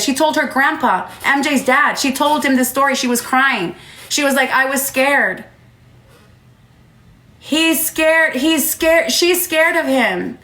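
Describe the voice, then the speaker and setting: Upset high-voiced woman on a livestream. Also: a bit bright. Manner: upset, emphatic, repeats herself. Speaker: livestreamer and mother. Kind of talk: heated livestream monologue. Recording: roomy echo.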